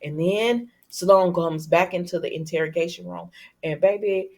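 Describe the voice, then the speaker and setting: A woman's voice: fairly low pitch, moderate pace, a little mellow. A woman recapping a soap opera episode in casual chat, sassy and talking straight to her viewers.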